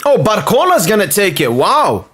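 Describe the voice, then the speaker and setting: A young man hosting a live football watchalong, reacting loudly and swearing at the match. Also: sits high, normal speed, slightly rough. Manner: excitable, swears and shouts at the screen.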